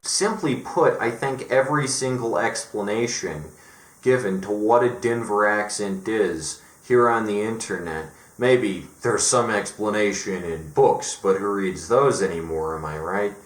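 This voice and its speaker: A man's voice: lowish voice, measured pace, reverberant. A man giving a casual commentary monologue as a video essayist, wry and rambling with rhetorical asides.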